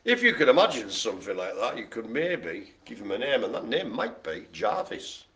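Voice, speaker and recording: A man's voice: on the low side, very animated, normal speed, bright, forceful tone. A man hosting a live bingo game, chatty and jokey, full of playful asides. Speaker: bingo host. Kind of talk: live-streamed bingo calling.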